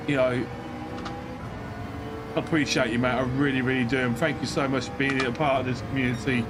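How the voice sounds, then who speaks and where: A young man from the United Kingdom hosting a late-night live stream from home, talking quietly and tiredly while thanking viewers, with sudden excited outbursts. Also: mid-range voice, normal speed.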